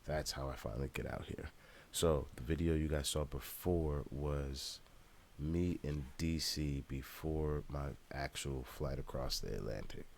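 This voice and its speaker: Very deep-voiced man ranting. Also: measured pace, gravelly, a little mellow, a little hiss or hum. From United States. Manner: profane, loose and ranting. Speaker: rapper vlogger. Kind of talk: casual travel vlog storytelling.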